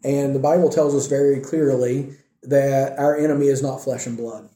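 A man's voice: medium pitch, steady tone, normal speed, mellow. A man teaching a Bible study in a plainspoken way, often checking in with "okay?" and reading scripture aloud. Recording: roomy echo.

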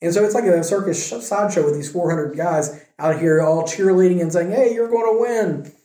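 A man teaching a Bible passage in a relaxed, conversational way, retelling scripture in everyday speech and often checking in with "right?". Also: a little high, brisk. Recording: echoey room.

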